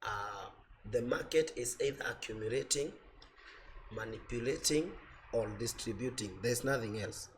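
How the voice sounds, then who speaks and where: A man teaching an online trading class, explaining slowly with repetition and fillers, his voice a little off from a cold. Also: mid-range voice, a little hiss or hum. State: voice slightly off from a cold. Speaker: forex trading instructor.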